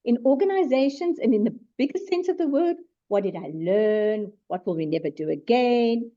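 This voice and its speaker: A middle-aged woman, a psychologist giving a webinar talk in an animated, emphatic way with self-deprecating asides. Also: a little high, moderate pace. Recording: dull lo-fi webinar audio.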